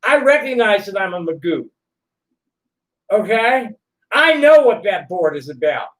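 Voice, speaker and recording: A man in his sixties ranting to camera, combative and constantly swearing, now and then flaring into shouts. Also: high voice, very animated, a little slow. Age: 60s. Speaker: vlogger answering online critics. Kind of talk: angry profane rant to camera.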